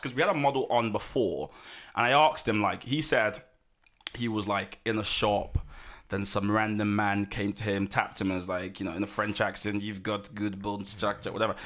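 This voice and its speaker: A man hosting a podcast in casual chat, lively and talkative, jumping between loud excitement and quiet asides. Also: on the low side, moderate pace. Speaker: podcast host.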